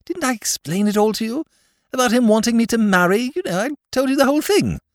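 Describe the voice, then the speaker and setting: Male narrator as a drawling, self-pitying young peer, high and plaintive, dry close sound. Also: expressive, quick pace, no echo. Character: hapless, mopey young English lord.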